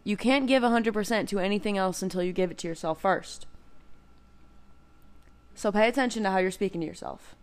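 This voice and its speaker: A woman's voice: mid-range voice, fairly quick, long pauses, clear, resonant tone. A young woman hosting a casual self-help podcast, chatty and encouraging, full of "like" and "you know," speaking straight to her listeners. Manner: encouraging, direct address to listeners. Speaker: podcast host; cycling instructor.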